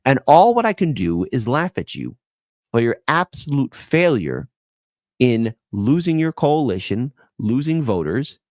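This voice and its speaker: A man hosts a live-stream political commentary show, delivering his points with sarcastic, mocking glee. His pitch swings widely from line to line. The sound is dry and close, with no room echo. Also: very animated, a little slow, a little mellow. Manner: sarcastic, mocking, laughs at his own jokes.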